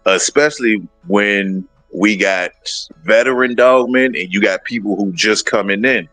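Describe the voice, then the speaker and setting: A man with a fairly low voice talks in a casual livestream conversation as a guest breeder. He is animated and acts out other people's words as he tells his stories. The sound is close and dry, with faint music underneath. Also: a little slow, no echo, low-quality recording.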